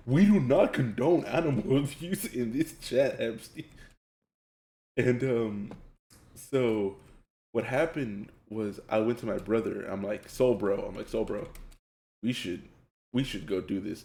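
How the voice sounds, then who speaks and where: A man streaming live, telling stories in a loud, excitable way and laughing often as he reads chat. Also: on the low side, vocal fry, roomy sound. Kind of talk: casual storytelling while gaming on a live stream.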